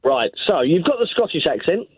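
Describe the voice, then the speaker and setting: A male caller on a tinny phone line, his voice husky and fairly high. He asks earnest, rambling questions, his pitch swinging up and down as he talks. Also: very animated, a little fast, dry recording. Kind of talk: casual phone call.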